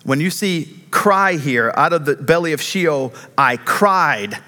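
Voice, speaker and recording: A man preaching a sermon in an earnest, emphatic way, slowing down on key phrases. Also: a little high, expressive, pushed and bright. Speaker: pastor.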